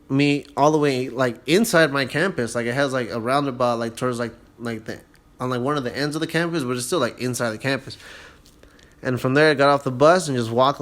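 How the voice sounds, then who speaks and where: A young man hosting a solo podcast, casually telling a long profane story and acting out the people in it. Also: medium pitch. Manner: profane, animated storyteller who acts out dialogue in a raised voice. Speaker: podcast host.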